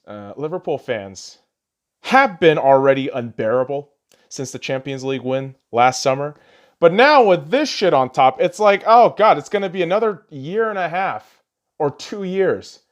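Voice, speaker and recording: A man hosting a podcast, ranting casually about football, swearing constantly and laughing at his own sarcastic jabs. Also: mid-range voice. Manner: rambling with restarts, gets loud when ranting. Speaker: podcast host. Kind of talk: casual profane football rant.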